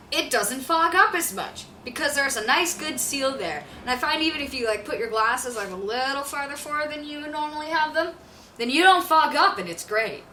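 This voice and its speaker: A Canadian woman with a fairly high, bright voice and a lazy hoser drawl. She swears casually as she goes along. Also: slight background noise, low-quality recording. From Ontario, Canada. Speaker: comedy podcast co-host. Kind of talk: crude comedy sketch chat.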